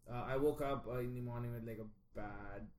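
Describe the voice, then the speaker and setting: A young man in casual chat, speaking haltingly with many repeated words and "you know"s. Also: medium pitch, steady tone, darkish tone. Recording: echoey room with crowd noise.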